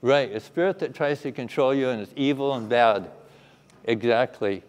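Guy teaching kids a bible story, asks the room questions, middle pitch, echoey hall. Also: normal speed, clear, resonant tone. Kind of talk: children's Bible lesson. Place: chapel.

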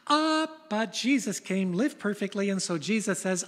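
An older woman pastor preaching a sermon, telling stories in an animated way. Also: medium pitch, moderate pace, few pauses, long reverb tail. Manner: storytelling, animated retelling of scenes.

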